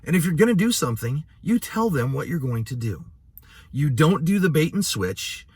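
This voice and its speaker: Earnest, husky-voiced male midwife. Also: on the high side, very animated, normal speed, no room sound. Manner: earnest and emotional, many "you know" fillers. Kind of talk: educational talk with personal stories.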